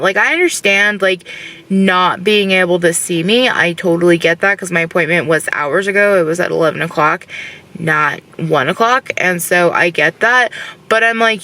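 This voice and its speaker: A woman vlogging from her car in a casual, frustrated rant, rambling and filling every pause with "like". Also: on the low side, bright, forceful tone, low-quality recording. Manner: frustrated, rambling, says "like" constantly.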